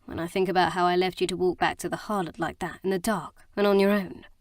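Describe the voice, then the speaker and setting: A woman voicing a gruff, brooding male romantic hero in an audiobook, speaking low and soft. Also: fairly even intonation, quick pace, dry recording, studio quality, close to an everyday voice. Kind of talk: audiobook character reading.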